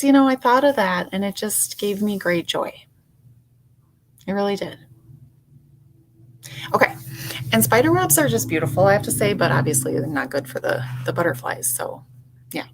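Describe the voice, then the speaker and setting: Woman hosting a livestream, unhurried, chatty and playful with her chat. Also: mid-range voice. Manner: chatty, greets viewers warmly by name, playful. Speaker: livestream host. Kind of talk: casual livestream chat greeting viewers.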